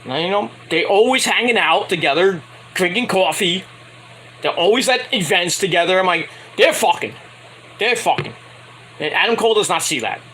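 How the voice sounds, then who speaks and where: With a faint hum or hiss behind him, a man with a high voice talks a little quickly as he rambles profanely about a wrestling show, animatedly imitating the wrestlers' words in silly voices.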